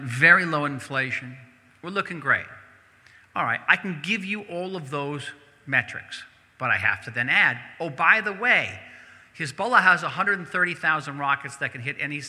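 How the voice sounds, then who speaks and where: A man's voice: on the high side, expressive, fairly quick, pushed and bright. A man, a diplomat, answering audience questions at a synagogue event in an emphatic, conversational way, repeating words as he goes. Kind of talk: public Q&A answer. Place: synagogue hall. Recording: hall reverb.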